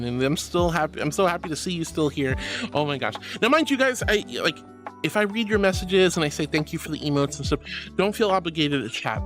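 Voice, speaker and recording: A woman live-streaming and chatting casually with viewers, affectionate and giggly, calling them sweetheart and hon. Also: low voice. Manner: giggly, bubbly. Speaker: livestreamer.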